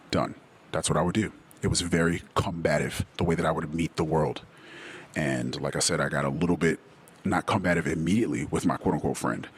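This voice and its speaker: A man's voice: extremely low pitch, breathy edge. A young adult man hosting a podcast, telling a personal story bluntly and with plenty of swearing, acting out the dialogue with animation. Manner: blunt, profane, animated when retelling dialogue. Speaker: podcast host. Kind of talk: candid solo podcast storytelling.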